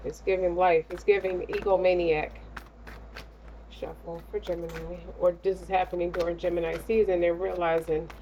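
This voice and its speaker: A woman's voice: lowish voice, little pitch movement, normal speed, dark tone, muffled recording, a little hiss or hum. A woman giving a casual tarot reading in a blunt, slangy, streetwise way. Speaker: tarot reader.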